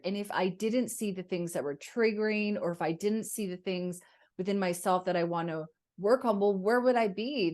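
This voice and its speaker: A woman's voice: mid-range voice, a little mellow. A woman hosting a podcast, chatting reflectively and asking her guest questions, with plenty of fillers. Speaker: podcast host. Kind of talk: conversational interview.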